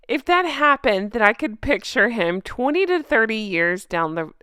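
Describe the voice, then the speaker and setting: A woman hosts a casual reaction video, reading comments aloud and adding sarcastic, laughing asides. Her voice is smooth and clean. The sound is dry and close, with no room around it. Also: a little high, very animated, moderate pace, few pauses, bright, forceful tone, dry recording. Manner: mocking and sarcastic, often laughing; asks viewers direct questions. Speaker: channel host reacting to online comments.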